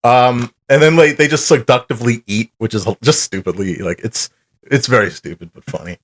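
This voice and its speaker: A man co-hosts a casual podcast about cartoons. He talks in a loose, rambling way and peppers his plot recaps with swearing and animated asides. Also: mid-range voice, brisk. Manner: rambling, profane, animated retelling. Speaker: podcast co-host. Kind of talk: casual chat.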